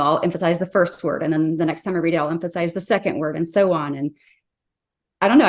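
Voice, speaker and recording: A woman in her thirties, a life coach guest on a podcast, talking earnestly and casually with many fillers and restarts. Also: lowish voice. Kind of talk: casual interview talk.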